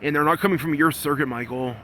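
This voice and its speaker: A man in a rambling solo monologue, repeating himself and swinging between low muttering and loud, insistent scolding. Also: quick pace, slight background noise. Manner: repetitive, talks about himself in the third person. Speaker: vlogger.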